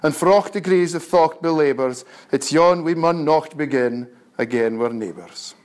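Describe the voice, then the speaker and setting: A man with a North-East Scots accent reciting his poetry in a measured, deliberate way. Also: fairly high pitch. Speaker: poet.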